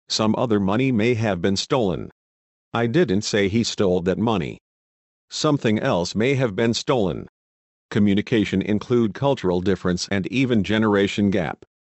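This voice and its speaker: A man giving scripted educational narration as a teacher, reading in a measured, explanatory way and voicing example sentences. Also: fairly low pitch, dry recording.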